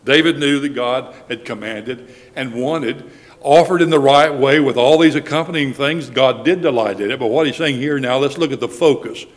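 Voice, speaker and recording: Man, preacher, sermon, measured delivery, slows for scripture, reverberant church hall. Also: mid-range voice. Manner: measured, slows down when reading scripture aloud.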